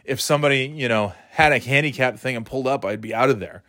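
A middle-aged man hosting a podcast and telling stories casually, rambling and swearing, and jumping into a high shout when he acts out his own outbursts. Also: fast, dry recording, studio quality. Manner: rambling and profane, with frequent fillers. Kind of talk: casual comedic storytelling.

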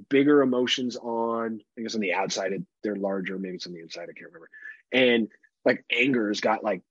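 A man's voice: medium pitch, a bit bright, slightly rough, no room sound, highs cut off. A man in his thirties co-hosting a podcast in casual chat, profane and rambling, often laughing. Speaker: podcast co-host.

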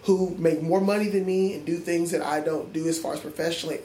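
A man's voice: a little high, fairly even intonation, fast, mellow, slight background noise. A man, a middle school music teacher, talking earnestly and reflectively in an interview, often restarting his sentences. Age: adult. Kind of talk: interview conversation. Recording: echoey room with faint ambience.

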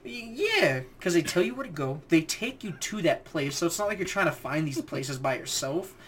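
A young man with a slightly raised pitch chats casually on a podcast. He tells stories with lots of swearing and acts out the voices of the people he quotes. A faint hiss runs under the recording. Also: sing-song, normal speed, a bit bright. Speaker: podcast co-host. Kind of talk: casual chat, storytelling.

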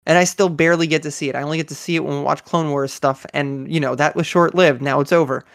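A man in his twenties in a casual chat, talking earnestly and excitedly as a fan. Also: on the high side, fast, vocal fry, no echo, studio quality. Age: 20s.

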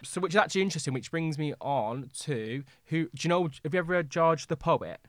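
A man co-hosting a podcast in casual chat. He sounds opinionated and animated, and he laughs easily. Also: a little high, fast talker, no echo, clean studio sound. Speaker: podcast co-host.

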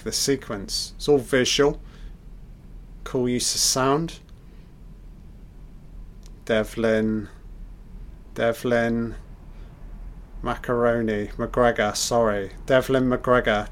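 A man's voice: medium pitch, little pitch movement, takes it slowly, long pauses, fairly bright tone, a little hiss or hum. A man giving a loose, off-the-cuff film commentary, reacting aloud and swearing at the scenes.

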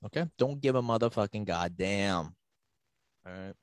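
Young man, podcast co-host, casual storytelling, profane, lively pitch, dry sound. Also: moderate pace, dry recording. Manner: profane, animated, acts out voices in stories.

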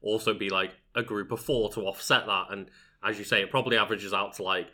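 A man's voice: lowish voice, fairly even intonation, quick pace, bright, forceful tone. A man chatting casually on a podcast, reasoning aloud with many fillers. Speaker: channel editor, co-host.

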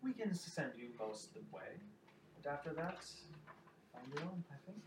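A regal fairy queen, measured and stately, as a man puts her on for a tabletop game. The voice sits at an ordinary male pitch. It sounds distant and roomy, with loud ambience behind. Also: sing-song, noisy background.

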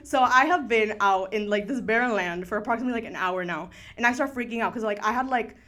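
A woman's voice: mid-range voice, fast talker, fairly bright tone. A young woman telling a story in a casual, chatty way, full of "like" and the odd Spanish word. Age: young adult. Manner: chatty, filler-heavy, drops Spanish words. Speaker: student storyteller.

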